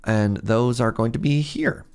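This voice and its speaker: A man's voice: medium pitch, expressive, a little slow, a little mellow, clear, resonant tone. A man streaming a game, chatting casually, reading chat messages aloud and reacting to them. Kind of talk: casual livestream chat while playing.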